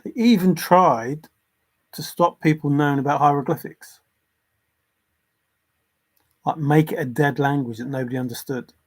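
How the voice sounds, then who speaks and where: A man with a fairly high voice hosts a casual livestream from home. He talks in an earnest, insistent way and stops to answer viewer comments. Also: normal speed, long pauses. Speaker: livestream host. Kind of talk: casual livestream talk on religion.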